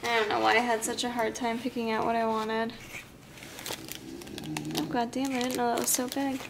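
Her voice is on the high side, creaky, and level, moving at normal speed against background noise. She's a fitness vlogger in her twenties, chatty and upbeat, talking casually to a handheld camera as she runs errands in the car, gym, and home, with frequent "like"s.

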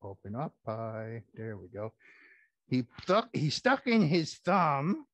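A man telling nursery rhymes with puppets for children, playful and theatrical. His voice bounces lively up and down at an unhurried pace. The sound is dry and close. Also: medium pitch, no echo. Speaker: puppeteer and storyteller. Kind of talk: children's puppet show storytelling.

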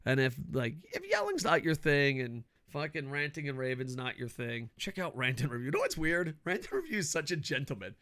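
Middle-aged man, loud profane rant, bright edgy tone, dry close sound. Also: on the high side, big pitch swings, brisk, few pauses, no echo. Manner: loud, cranky, swears constantly. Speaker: wrestling commentary vlogger. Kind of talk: profane ranting commentary.

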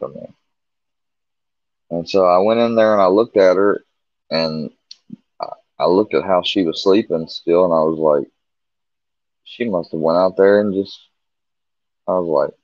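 A man's voice: low-pitched, moderate pace, long pauses, no room sound. A man casually telling a long personal story about his marriage, rambling and candid, full of restarts and quoted back-and-forth. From Missouri. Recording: dull lo-fi stream audio.

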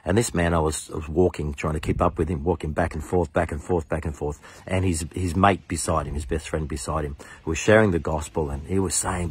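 A man's voice: rumbling low, fairly even intonation, a little fast, slightly rough. A middle-aged man, a pastor, earnestly telling his personal testimony and acting out the voices of the people in it. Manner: earnest, enthusiastic, acts out quoted voices.

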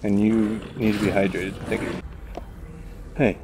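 A tired man giving goofy gameplay commentary into a VR headset, with excitable outbursts between quiet mutters. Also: lowish voice, measured pace, noisy background. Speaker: gamer.

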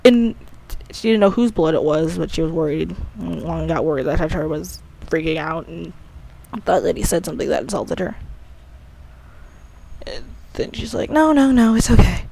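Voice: medium pitch, moderate pace, creaky, long pauses, a little mellow. The creator of an audio drama series, rambling through a casual commentary with an offhand, slightly sleepy manner and many self-corrections. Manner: rambling, often restarts and corrects itself.

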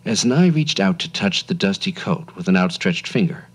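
A man narrating a storybook radio drama in a gentle, measured way. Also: deep voice, animated, breathy edge, poor audio.

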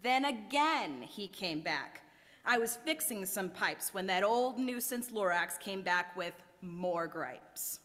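A woman reading a rhyming storybook aloud at a worship service, telling it in an expressive, theatrical way. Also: mid-range voice, slow, long reverb tail. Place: church sanctuary.

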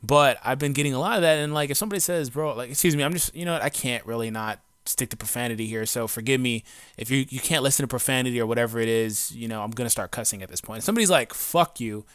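A man's voice: medium pitch, racing, fairly bright tone, clean tone, no echo, studio quality. A grown man, a gaming YouTuber, ranting in casual, slangy talk full of profanity and fillers, blunt and defiant. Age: adult. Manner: loose rambling talk with many fillers. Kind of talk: casual unscripted rant to camera. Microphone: home recording mic.

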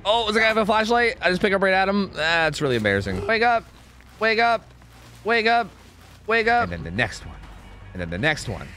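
A man's voice: high-pitched, fairly quick, soft background music. A man streaming a game, chatting casually, joking and swearing a lot as he plays. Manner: excitable, swears a lot, jokey. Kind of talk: casual gameplay commentary.

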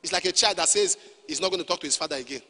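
A man preaching a sermon, acting out quotes and rising into shouts. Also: high-pitched, very fast. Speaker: pastor. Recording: long hall reverb.

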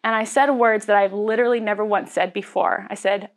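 A woman's voice: medium pitch, steady tone, fairly quick. A woman pastor giving a sermon in a candid, conversational way, with frequent fillers and laughs.

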